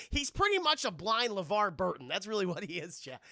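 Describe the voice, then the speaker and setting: A man's voice: sits high, sing-song, normal speed, bright, forceful tone, no room sound. A man casually recapping a cartoon episode for a live chat, rambling, swearing and addressing viewers often. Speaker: cartoon reviewer streaming to chat.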